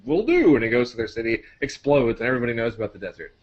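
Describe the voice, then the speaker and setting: A man's voice: mid-range voice, racing. A man jokes and laughs through a casual gaming podcast chat, his voice sitting in the middle range. The recording sounds dull and lo-fi, muffled at the top. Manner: joking, laughs between lines. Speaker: podcast co-host.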